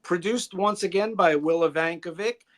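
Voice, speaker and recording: High-voiced man reviewing an album. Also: moderate pace, fairly bright tone. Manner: informative, reading off facts. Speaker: podcast co-host.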